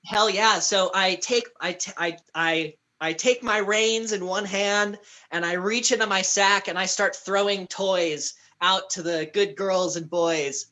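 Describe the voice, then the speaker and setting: A woman's voice: mid-range voice, fairly even intonation, unhurried, sharp tone. A woman playing a tabletop game, describing her character casually with hesitant restarts. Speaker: player.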